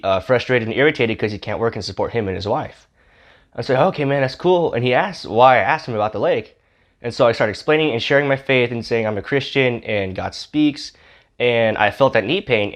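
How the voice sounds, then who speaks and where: A man telling his personal testimony as an animated story, acting out the people in it. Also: mid-range voice. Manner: animated storyteller, acts out the other gamer in a raised voice. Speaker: testimony speaker.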